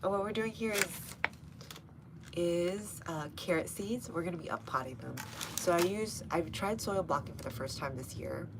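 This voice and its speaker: A woman's voice: lowish voice, moderate pace, background noise. A young woman with a Texas accent hosting a casual gardening live stream, chatty and easygoing, answering viewers by name with frequent laughs. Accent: Texan. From North Texas. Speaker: gardening channel host. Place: home front garden, outdoors.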